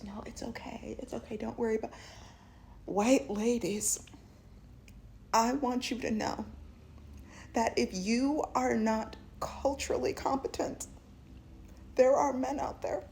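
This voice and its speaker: Sassy animated woman telling a story. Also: fairly high pitch, slight background noise. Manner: animated, sassy, mimics people. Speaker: video essayist. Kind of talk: storytime commentary.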